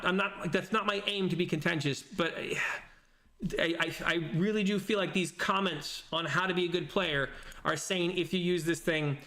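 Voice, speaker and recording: A man's voice: high voice, vocal fry, bright, forceful tone. A man hosting a casual stream, reading comments aloud and rambling with many restarts and self-corrections. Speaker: host reading live chat comments. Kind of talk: casual livestream chat.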